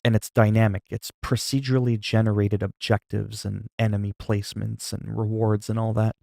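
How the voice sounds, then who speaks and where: Low, gravelly, laid-back male streamer. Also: no room sound, studio quality. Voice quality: sleepy-sounding, flat delivery. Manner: low-key, calm and unhurried, not hyped. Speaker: livestreamer. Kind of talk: casual live-stream chat with viewers.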